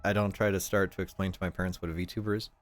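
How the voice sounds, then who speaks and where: A man's voice: deep voice, little pitch movement, very fast, dry recording. A young man streaming and chatting casually, rambling and repeating his words as he goes. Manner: rambling, repeats words, quotes family in voices. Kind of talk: casual chat.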